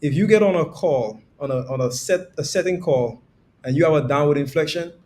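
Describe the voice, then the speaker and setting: A man coaching on sales, explaining in a relaxed podcast conversation and acting out little quoted examples. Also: a little high, brisk. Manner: demonstrates tones with quoted examples, laughs easily.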